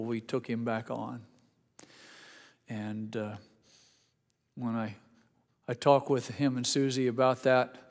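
A man preaching a sermon as pastor, halting and repeating words, then rising to emphatic, higher passages. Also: in a large hall.

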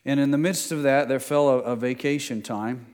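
A man's voice: medium pitch, fairly even intonation, moderate pace, a little mellow. A middle-aged male pastor preaching a sermon in a conversational way, reading scripture aloud with emphasis. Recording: long reverb of a large hall.

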